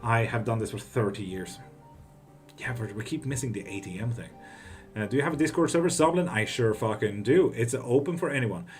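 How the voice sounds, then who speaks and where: A man's voice: mid-range voice, a little fast, faint music behind. Laid-back, swearing male stream host. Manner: relaxed, swears freely, greets and answers chat. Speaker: tarot reader and livestream host. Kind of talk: casual live-stream chat.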